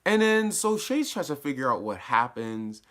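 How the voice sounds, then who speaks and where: Guy doing a chill spoiler recap, bright voice, slangy and gets hyped telling the scenes. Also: medium pitch, normal speed. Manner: chatty, retells scenes with bursts of excitement; laughs and uses slang while recapping. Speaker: TV episode reviewer.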